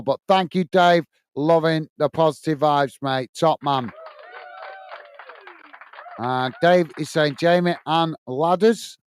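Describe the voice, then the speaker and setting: A British man hosting a casual football live stream, filling his talk with "uh" as he reads out comments and thanks viewers one by one. His voice sits a little high for a man and comes through smooth and clear. The sound is dry and close, with little room around it. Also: dry recording. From United Kingdom. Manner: chatty, many "uh" fillers, friendly sign-offs to viewers.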